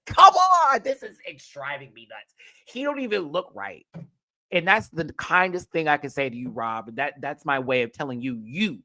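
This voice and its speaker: A man hosting a casual TV show recap, profane and animated, jumping from loud outbursts to low muttering. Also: dry recording.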